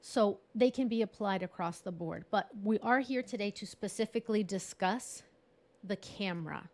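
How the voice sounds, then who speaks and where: This woman, bilingual in English and Spanish, leads a live online workshop over a video call. Her voice sits at medium pitch with a moderate pace, and she's chatty and encouraging, often laughing at herself.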